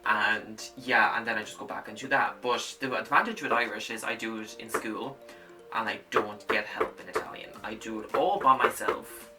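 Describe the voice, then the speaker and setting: A man's voice: fairly low pitch, fairly even intonation, normal speed, distant mic, over music. A young man in his late teens whose first language is Russian, talking through his studies in a casual vlog, rambling and correcting himself as he goes. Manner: rambling, restarts and repeats himself. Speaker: student vlogger.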